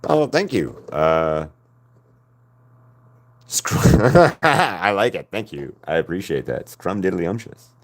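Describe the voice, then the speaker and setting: A man's voice: sits low, very animated, slow pace. An American man chatting casually with his stream audience while drawing, rambling from one thought to the next and laughing often. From United States. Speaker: artist streaming to chat.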